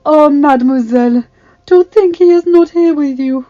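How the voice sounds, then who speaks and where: A woman voicing a big, dramatic woman with a singer's flair who speaks loud and drawn out. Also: high voice, normal speed, dry recording, highs cut off, pitched above the performer's own voice, close to an everyday voice. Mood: doting. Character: big warm operatic woman, dramatic and doting.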